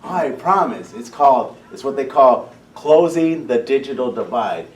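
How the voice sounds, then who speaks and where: A man's voice: medium pitch, animated, normal speed, darkish tone. Male program founder, fired-up talk to parents, heard from across an echoing room. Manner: passionate, repeats and restarts phrases. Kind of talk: impassioned public talk. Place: school meeting room. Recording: echoey room, distant mic, faint hum.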